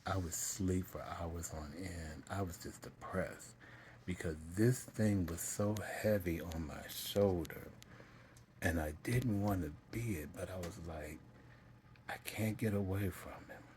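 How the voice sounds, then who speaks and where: Deep-voiced man telling a painful story. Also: darkish tone, a little hiss or hum. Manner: halting, repeats himself, pauses to collect himself; earnest and emotional. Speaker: vlogger telling his life story. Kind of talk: personal confessional storytelling.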